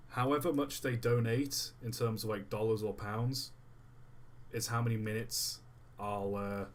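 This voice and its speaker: A man streaming live, chatting casually and thinking aloud while he builds a model, often distracted mid-sentence. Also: medium pitch.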